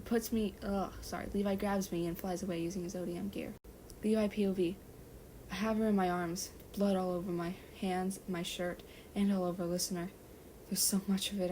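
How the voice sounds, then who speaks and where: A woman's voice: medium pitch, mellow, slight background noise. A woman reading her fan fiction story aloud, who often corrects herself and apologizes for her slips.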